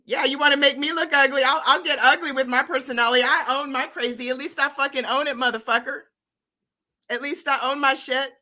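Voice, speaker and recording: A woman's voice: high voice, sharp tone. An American woman hosting a livestream, arguing in a profane, confrontational way and repeating herself. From United States. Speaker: livestream host. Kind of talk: heated livestream argument.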